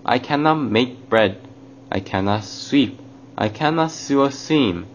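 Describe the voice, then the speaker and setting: A man's voice: mid-range voice, animated, measured pace, natural voice. A man reading a storybook, voicing a helpless, tearful young wife in a pleading manner. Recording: dull lo-fi, faint hiss.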